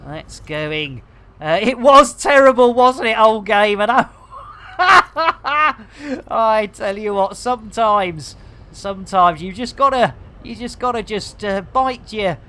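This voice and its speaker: Speaking slowly in an expressive, medium-pitched voice with a sharp tone, an English woman streams a game and talks casually to her audience. She reads chat messages out loud and trades cheeky, sweary jokes and rhyming slang with viewers.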